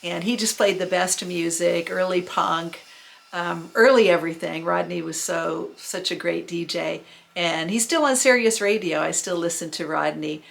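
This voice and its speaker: A woman's voice: lowish voice, normal speed, creaky, low-quality recording. A woman in her sixties casually recalling old memories, rambling with lots of fillers and little self-mocking laughs. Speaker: vlogger recalling the early punk scene. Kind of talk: casual spoken memoir.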